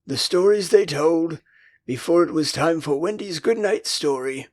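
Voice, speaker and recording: An older man with an English accent narrating a classic children's novel as an audiobook, with an expressive storytelling manner. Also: fairly high pitch, a little slow.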